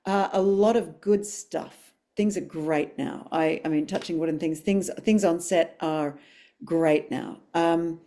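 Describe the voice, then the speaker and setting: A woman's voice: deep voice, fairly even intonation, unhurried, dark tone. A woman, a dialogue coach speaking on a webinar panel over a video call, effusive and emphatic.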